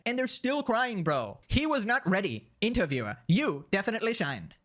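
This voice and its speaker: A man's voice: high voice, sing-song, moderate pace, hardly any pauses, fairly bright tone. A man narrating scripted drama commentary in a mocking, sarcastic way.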